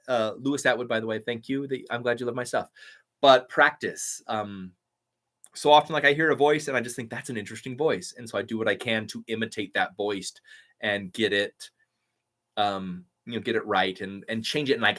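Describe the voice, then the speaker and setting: Bright and forceful, a mid-range male voice belongs to a young YouTube impressionist answering live chat on a stream. He keeps things casual and upbeat, reading comments aloud and thanking his viewers.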